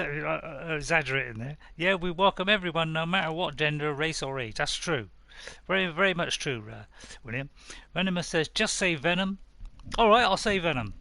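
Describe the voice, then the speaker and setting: On his game live stream, a West Country man from Bristol, England, chats with viewers, chuckles, and reads their messages out loud. His high-leaning voice is expressive, creaky, bright and forceful, at normal speed, with no room sound.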